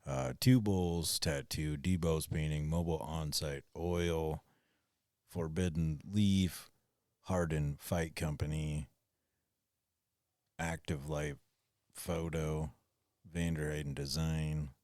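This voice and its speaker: A man's voice: a bass voice, slow pace, pauses often, a little mellow, no room sound, studio quality. A man co-hosting a casual podcast, laid-back and cursing casually. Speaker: podcast co-host.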